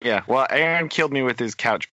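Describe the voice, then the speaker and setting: A man's voice: medium pitch, a little fast, bright, forceful tone, dry recording. A man co-hosting a casual podcast, teasing his friend and laughing easily. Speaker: podcast co-host. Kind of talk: casual chat.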